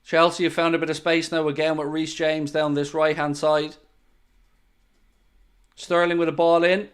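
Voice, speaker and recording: Young man, fairly high voice, calls a match live for his stream and chats with viewers, excitable. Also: normal speed, clear, resonant tone. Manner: excitable, bursts into loud groans at near misses, chatty asides to viewers. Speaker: football watchalong streamer. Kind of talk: live match commentary with chat.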